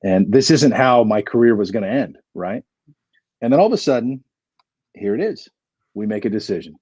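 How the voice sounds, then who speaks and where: A man in his forties, a podcast guest, telling an animated story with plenty of energy and acting out the dialogue. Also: lowish voice, normal speed, breathy edge, no echo, muffled recording.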